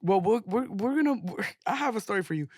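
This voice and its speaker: A young man, co-hosting a casual podcast chat and telling stories with lively emphasis. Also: sits high, fast talker, no room sound, studio quality. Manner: animated, emphatic storytelling. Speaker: podcast co-host.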